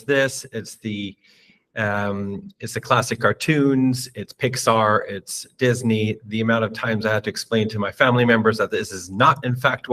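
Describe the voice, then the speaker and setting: Male speaker, mid-pitched voice, courteous and measured, presenting on animation at an online event. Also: sharp tone. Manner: polite, measured, with fillers. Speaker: motion designer and speaker. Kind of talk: conference talk.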